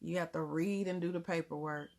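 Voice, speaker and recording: Speaking a bit fast in a lowish, slightly mellow voice with a steady tone, this woman hosts a laid-back livestream where she reads comments and responds to viewers. She's from Germany, has a Southern US accent, laughs a lot, and talks with casual, word-dropping grammar.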